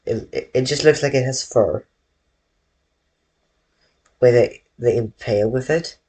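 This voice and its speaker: A man's voice: mid-range voice, mellow, breathy edge. A man drawing on a live stream from his bedroom, rambling to his viewers and often correcting himself. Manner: slow, rambling, self-correcting, talks to chat. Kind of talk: casual live-stream chat while drawing.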